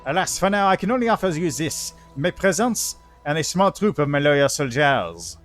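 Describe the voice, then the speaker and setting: A man's voice: on the high side, very animated, moderate pace, fairly bright tone, soft background music. A man voicing a solemn, ancient male angel herald in a mock French-tinged, old sci-fi style voice, reading game dialogue.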